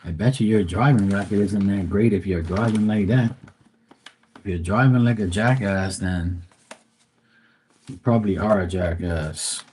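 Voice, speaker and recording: A man's voice: low-pitched, a little slow, long pauses, a little mellow, slight background noise. A man hosting a tarot livestream, rambling in casual, profane chat with his viewers. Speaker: tarot reader livestream host.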